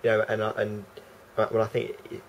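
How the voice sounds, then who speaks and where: London bloke vlogging, gravelly low voice, rambles on with loads of fillers. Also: male voice, completely flat delivery, a little fast, a little hiss or hum, poor audio. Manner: rambling, hesitant, heavy on fillers. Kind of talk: casual unscripted monologue to camera.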